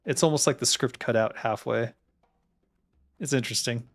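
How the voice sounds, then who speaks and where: A man's voice: mid-range voice, moderate pace, husky, soft background music. A man chatting casually as he plays through a game, laughing often and poking fun at himself. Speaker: game designer streamer. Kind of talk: casual gameplay commentary.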